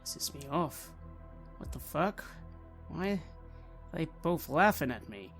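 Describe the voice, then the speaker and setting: A crude, hot-tempered young party guy, as a man plays him. He swears constantly and swings his gravelly voice up and down a lot. It is in-character tabletop role-play. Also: on the high side, big pitch swings, takes it slowly, a bit bright, faint music behind, exaggerated voice. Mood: irritated. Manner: swearing, blustery.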